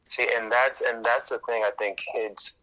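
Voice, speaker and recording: A man's voice: mid-range voice, moderate pace, rough recording. A man, a coach and teacher, talking casually as a podcast guest and acting out the voices in his stories. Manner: lively storyteller, acts out quoted voices.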